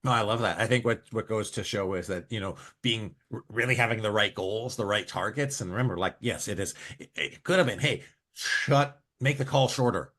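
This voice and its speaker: Male podcast host, low voice, casual questions, lots of fillers. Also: fairly quick, hardly any pauses. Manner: relaxed, frequent "like" fillers. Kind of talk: interviewing, casual.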